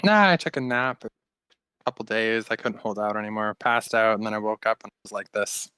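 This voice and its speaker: A woman's voice: a bass voice, fairly quick, a bit bright, clean tone, dry recording. A man voicing a drowsy, stranded half-elf woman who talks in an offhand, laid-back way. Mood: casual.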